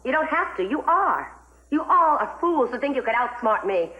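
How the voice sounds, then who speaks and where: A spiteful schemer who taunts and gloats, her slightly high voice swinging widely. A 1980s TV soap drama. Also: sing-song, moderate pace, sharp tone, lo-fi sound, full character voice. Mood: sneering. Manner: sneering, taunting.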